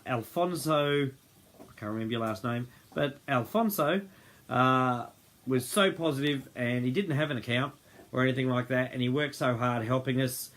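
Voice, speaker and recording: With a mid-range, slightly bright voice, a man hosts a group livestream. He chats casually without a script, rambling and regularly losing his train of thought.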